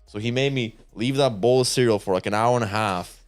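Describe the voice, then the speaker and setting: A man's voice: mid-range voice, brisk, dry recording, faint music behind. A young man co-hosting a comedy podcast, telling a childhood story in a laid-back, casual way. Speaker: podcast co-host.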